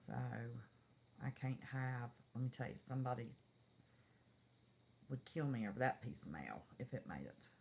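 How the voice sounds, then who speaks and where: A woman's voice: rumbling low, very animated, moderate pace, pauses often, a little mellow, slight background noise. A middle-aged woman, chatting folksily with viewers on her live stream. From West Virginia. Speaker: livestream host. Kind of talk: casual live-stream chat.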